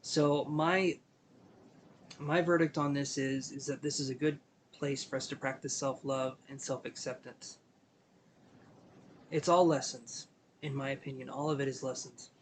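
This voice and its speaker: A man giving a live tarot reading, talking gently and meanderingly with many fillers, sleepy and yawning. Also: mid-range voice, fairly even intonation, measured pace, long pauses, slight background noise. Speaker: tarot reader.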